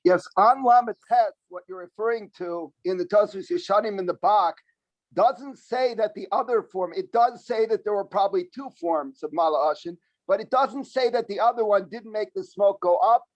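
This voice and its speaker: A man's voice: sits high, normal speed, no room sound, muffled recording. A man in a Talmud class on a video call, insistently arguing his point with sources. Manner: insistent, interrupting to argue with sources. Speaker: class participant.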